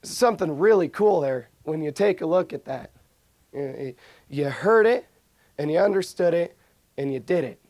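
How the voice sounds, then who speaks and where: A man's voice: on the high side, lively intonation, moderate pace, a little mellow, no echo. A young man giving an informal, earnest talk on scripture, often restarting his sentences. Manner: earnest, frequent restarts and fillers. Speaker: religious speaker.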